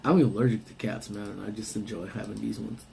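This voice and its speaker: Now his low voice carries vocal fry at a moderate pace over background noise. Still streaming from his parked car, the host stays laid-back and rambling while reading and replying to chat.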